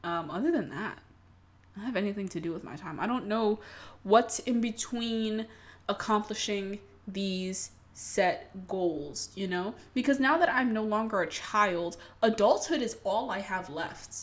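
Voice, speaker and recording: A woman's voice: medium pitch, unhurried. A young adult woman ranting casually to her audience, swearing freely and self-mocking with dramatic flair. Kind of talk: casual rant to camera.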